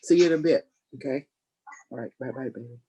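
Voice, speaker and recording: A man's voice: mid-range voice, fairly quick, mellow, breathy edge, low-quality recording. A man hosting a live stream, rambling loosely and preaching, dropping "you know" and calling people honey. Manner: affectionate, calls listeners honey. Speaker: livestream host.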